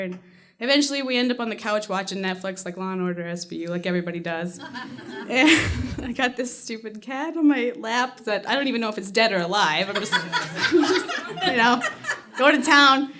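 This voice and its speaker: A woman's voice: on the high side, bright, forceful tone. A woman telling a personal story on stage at a live storytelling night, casual and salty, often laughing as she goes.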